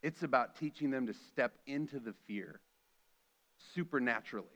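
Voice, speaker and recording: A man's voice: medium pitch, moderate pace, a bit bright. A middle-aged man preaching a sermon earnestly, acting out the quoted lines with feeling. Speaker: pastor.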